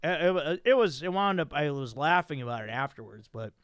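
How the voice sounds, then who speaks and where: A man hosting a podcast, telling a story in a profane, animated way with many restarts. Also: on the high side, a little fast, no room sound, studio quality. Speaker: podcast host. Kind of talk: casual chat.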